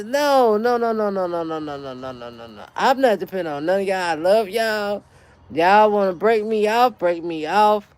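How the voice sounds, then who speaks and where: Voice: medium pitch, dry recording. Profane middle-aged storyteller, dry sound. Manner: profane, heated storytelling rant. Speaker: channel host. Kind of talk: casual livestream chat.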